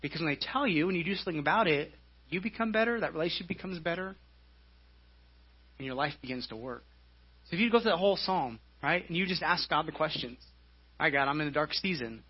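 Male pastor, live sermon; slightly raised pitch, breathy edge, muffled lo-fi recording, conversational delivery. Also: expressive, fast. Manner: conversational preaching with frequent "right?" and repeated words. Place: church service.

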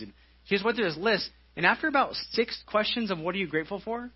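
Male pastor, live sermon; slightly raised pitch, breathy edge, muffled lo-fi recording, conversational delivery. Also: fast. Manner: conversational preaching with frequent "right?" and repeated words. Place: church service.

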